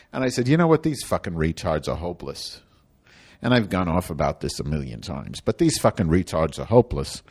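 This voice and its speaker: A man's voice: on the low side, darkish tone, husky, exaggerated voice. A man performing a comedic monologue as a cranky, indignant woman from Chicago, rambling and theatrical.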